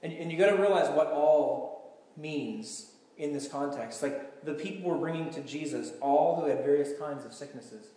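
A man's voice: a little high, moderate pace. A man, a pastor giving a conversational, emphatic sermon in a large hall. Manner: conversational, emphatic, animated storytelling. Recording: echoey hall sound.

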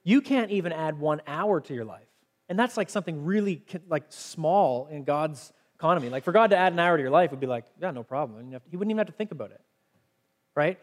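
A man's voice: fairly high pitch, expressive, fast. A man preaching a sermon as pastor, conversational and earnest, reading scripture aloud between his own explanations.

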